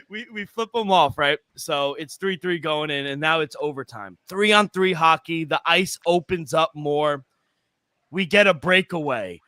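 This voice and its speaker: Bright-voiced man telling a rambling story. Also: a little high, measured pace, no echo. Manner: rambling storyteller, profane, laughing. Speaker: podcast co-host. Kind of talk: casual chat.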